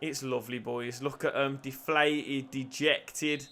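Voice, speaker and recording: Bright-voiced gaming commentator. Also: male voice, medium pitch, fairly even intonation, measured pace. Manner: swings from hushed muttering to yelling celebrations. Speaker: gaming YouTuber. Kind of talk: excited gameplay commentary.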